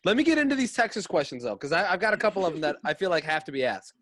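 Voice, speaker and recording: A man hosting a podcast, asking questions in a chatty, quick, easily amused way. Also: high-pitched, sing-song, a bit bright, no room sound. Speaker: podcast host. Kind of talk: casual podcast interview.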